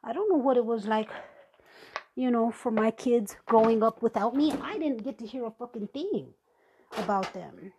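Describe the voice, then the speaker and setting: A woman's voice: a little high, normal speed, warm tone, slightly rough. Ranting, profane woman podcaster. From Native American. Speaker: podcast host. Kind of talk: angry personal monologue.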